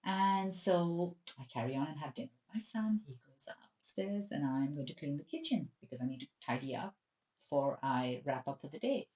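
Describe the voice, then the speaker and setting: A woman who works as a life coach, telling a personal story in a chatty, expressive way and acting out her own thoughts. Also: deep voice, normal speed. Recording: roomy, distant, dull sound.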